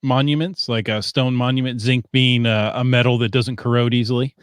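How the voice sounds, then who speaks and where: A man's voice: medium pitch, steady tone, a little fast, clear, resonant tone, no echo, studio quality. A man from the United States hosting a podcast in casual chat, curious and joking as he asks questions. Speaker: podcast host.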